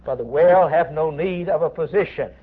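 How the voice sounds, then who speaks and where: A man preaching a sermon with impassioned swings between hushed words and rising emphasis. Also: on the high side, normal speed. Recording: tinny phone-like recording.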